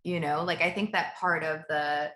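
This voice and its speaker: Bright chatty woman on a video call. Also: deep voice, fairly even intonation, moderate pace. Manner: chatty, filler-heavy, laughs often. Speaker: interview guest, business coach. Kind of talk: casual interview chat. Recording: roomy echo.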